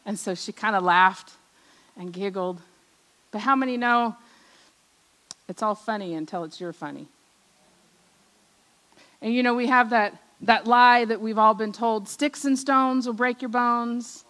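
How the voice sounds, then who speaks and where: A woman's voice: on the high side, moderate pace, rough recording. Middle-aged woman sharing her testimony. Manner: storytelling, acts out remembered voices, drops soft at ends of lines. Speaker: speaker at a church service. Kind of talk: personal testimony sermon.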